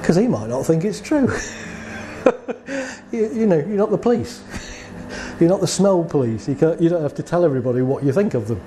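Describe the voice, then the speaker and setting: A man with a fairly high but mellow voice tells stories from his therapy practice in a relaxed, conversational way. He acts out the exchanges with clients and keeps asking rhetorical questions. Faint background noise sits under the recording. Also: brisk, pauses often. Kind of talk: conversational talk with client anecdotes.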